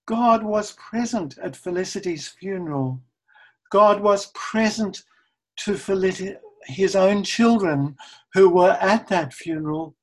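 Slow, earnest preacher. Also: mid-range voice, a little mellow. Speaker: pastor. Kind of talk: sermon.

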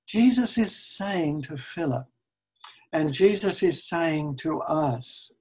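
A pastor delivers a sermon at an unhurried pace. The voice sits in a middle register, earnest and emphatic, and returns again and again to repeated phrases. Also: mid-range voice, darkish tone, breathy edge.

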